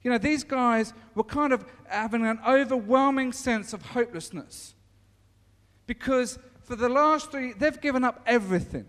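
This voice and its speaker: Man, preacher, informal sermon, chatty storytelling, high voice, long echoing reverb. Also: normal speed, fairly bright tone. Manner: conversational storytelling with many restarts.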